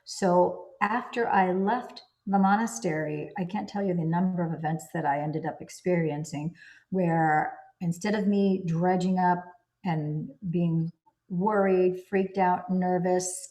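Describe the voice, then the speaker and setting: A woman with a somewhat low voice reads a passage aloud and then moves into her own commentary. She speaks earnestly and with emphasis, stacking words into long lists. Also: dark tone. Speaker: host reviewing a book. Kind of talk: reading aloud and personal commentary.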